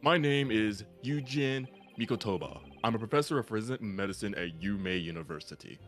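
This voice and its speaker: Man doing an old gravelly professor. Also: lowish voice, fairly bright tone, soft background music, close to an everyday voice. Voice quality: slightly gravelly. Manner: measured, formal and slow. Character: elderly formal male forensic professor.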